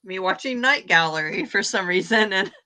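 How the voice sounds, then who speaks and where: A woman, hosting a casual chat and briskly steering the conversation. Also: mid-range voice, animated, bright, forceful tone. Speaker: host.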